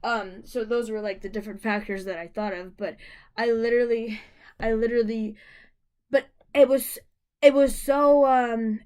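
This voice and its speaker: A young woman vlogger with a high-sitting voice tells a personal story to the camera. She's emotional and rambling, with many fillers and restarts.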